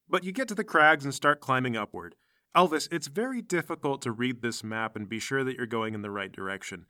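A man's voice: medium pitch, animated, a little fast, pushed and bright, no echo, clean studio sound. A man narrating as game master of a tabletop game, describing the scene steadily.

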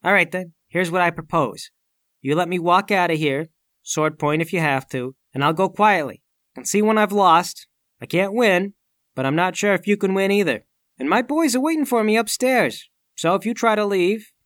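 A man playing a tabletop game, speaking in character with a smooth, threatening manner. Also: high-pitched, animated, moderate pace, fairly bright tone, no room sound, clean studio sound. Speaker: player.

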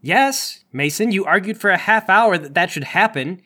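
A man's voice: sits high, brisk, bright, forceful tone. A man running a tabletop game as game master, with dry, wry remarks. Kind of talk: tabletop game narration and banter.

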